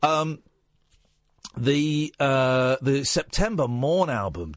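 Guy rambling on late night radio, husky, jumps all over in pitch, dry close mic. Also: very animated, moderate pace, a bit bright, no echo. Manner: chatty, self-mocking, slips into a squeaky put-on voice.

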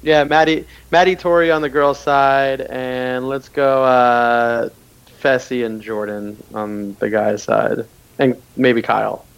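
A man's voice: mid-range voice, flat delivery, slow, creaky, clean tone, lo-fi sound. A man co-hosting a podcast, chatting casually and hesitantly with stumbling restarts. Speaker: podcast co-host. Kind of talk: casual chat about a reality show.

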